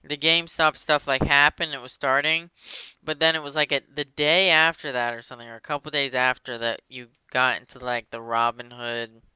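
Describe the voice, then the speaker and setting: A man hosting a casual chat podcast, rambling and joking with plenty of fillers. His voice is bright and clear. The sound is dry and close. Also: medium pitch, level tone, moderate pace, no echo. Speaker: podcast host.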